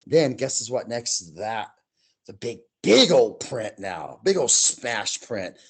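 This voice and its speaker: A man telling his own eerie outdoor experiences to an interviewer, in an animated way that acts out the other people in the story. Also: medium pitch, slow, breathy edge. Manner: animated, acts out quoted voices. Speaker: guest storyteller. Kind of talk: telling personal paranormal stories.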